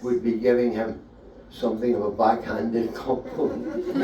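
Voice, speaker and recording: A man with a Scottish accent doing a stand-up comedy set with deadpan delivery. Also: mid-range voice, very noisy. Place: small live comedy venue. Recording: roomy hall, voice from a distance.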